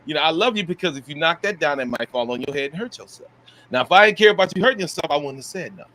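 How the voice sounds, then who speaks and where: Bright high-voiced man. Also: animated, very fast, low-quality recording. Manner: emphatic, slangy, preachy asides. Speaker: podcast co-host. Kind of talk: casual sports chat.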